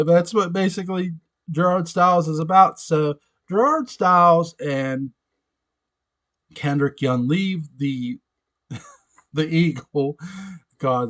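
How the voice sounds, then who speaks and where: A man giving a casual, chatty episode recap as a fan reviewer, laughing often and restarting his sentences with asides. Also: fairly high pitch.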